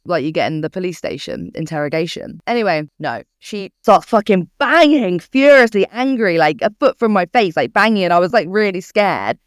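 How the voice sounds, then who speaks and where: A young woman co-hosting a podcast, telling a story in casual chat with a British English accent, animated and swearing freely. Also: lowish voice, fairly quick, few pauses, no echo, studio quality. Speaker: podcast co-host.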